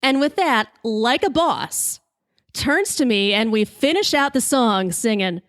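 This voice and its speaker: Brash host, female, comic storyteller, bright voice, dry close mic. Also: a little high, measured pace, no room sound. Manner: lively, brash, swears freely. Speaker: podcast host.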